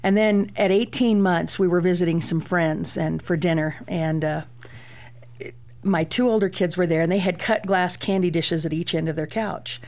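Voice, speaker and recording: A middle-aged woman, a guest parent, telling lively stories about raising her daughter on a talk show. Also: on the low side, moderate pace. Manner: lively anecdotal telling with fillers.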